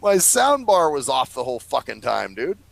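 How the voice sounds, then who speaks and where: A man's voice: medium pitch, very animated, normal speed, creaky, poor audio. A man rambling through a long story in casual chat, swearing freely and laughing often. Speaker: podcast co-host.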